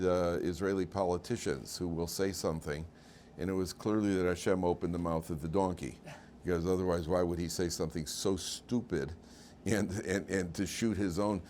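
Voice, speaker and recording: A man's voice: low voice, darkish tone, slight background noise. A man teaching a weekly class as rabbi, speaking conversationally with humor and quizzing his students in a classroom. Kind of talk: informal lecture.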